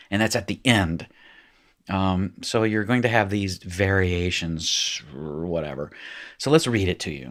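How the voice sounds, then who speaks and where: A man with a fairly low voice talks through a recorded lesson. He explains casually and fills gaps with "um". He often stops to correct or rephrase himself. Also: a bit bright. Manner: chatty, self-correcting explanations with frequent fillers. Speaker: Hebrew teacher. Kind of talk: recorded screen-share lesson.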